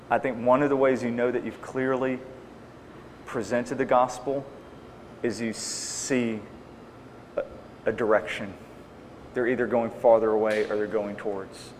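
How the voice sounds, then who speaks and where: A man answering audience questions on evangelism in an earnest, plainspoken way, restating each question before he answers. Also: mid-range voice. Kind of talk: Q&A talk. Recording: long reverb in a hall, faint noise.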